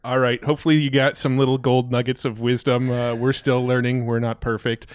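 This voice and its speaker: A man's voice: medium pitch, level tone, fairly quick, clear, resonant tone, no echo, studio quality. A man co-hosting a casual podcast, rambling and laughing easily. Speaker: podcast co-host.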